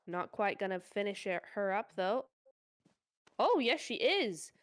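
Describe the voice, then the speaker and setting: Excitable woman calling live esports play-by-play. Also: medium pitch, measured pace. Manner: excitable, chatty, exclaims often. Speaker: esports caster.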